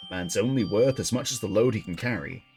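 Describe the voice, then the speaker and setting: A man reading a visual novel aloud, voicing a tough young gang leader in a gruff, blunt, challenging way. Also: on the low side, fairly quick, darkish tone, faint music behind, close to an everyday voice. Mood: taunting.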